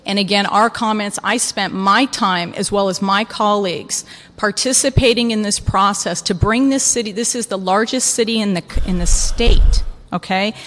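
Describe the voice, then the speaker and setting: A woman's voice: medium pitch, moderate pace, a bit bright. A frustrated, insistent woman giving public comment at a city meeting. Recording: echoey council chamber.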